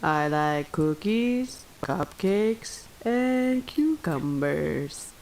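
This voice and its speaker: A woman voicing a slow cartoon comma. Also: sits low, sing-song, a little mellow, slight background noise, heavily acted. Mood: cheerful. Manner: slow, sing-song listing. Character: cheerful cartoon comma, calm and listing things.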